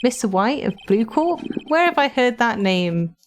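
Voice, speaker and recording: A woman's voice: a little high, very animated, measured pace, background noise. A woman voicing a determined young male defense lawyer, reading his thoughtful inner monologue earnestly.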